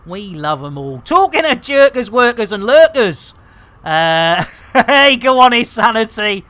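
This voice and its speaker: A woman's voice: on the high side, big pitch swings, a little slow, a bit bright. A woman streaming a space game live, rambling through bawdy jokes and banter. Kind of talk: casual live gameplay commentary.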